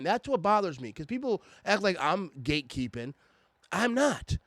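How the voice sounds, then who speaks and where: High-voiced man ranting irritably. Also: expressive, a little fast, fairly bright tone, dry recording. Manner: irritated, restarts and stammers often. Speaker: sports fan vlogger. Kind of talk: casual fan rant.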